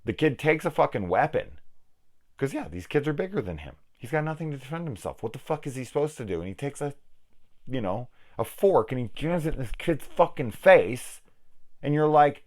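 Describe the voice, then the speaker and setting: A man's voice: medium pitch, big pitch swings, moderate pace. Angry, profane man ranting. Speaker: film review host. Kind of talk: ranting spoiler discussion.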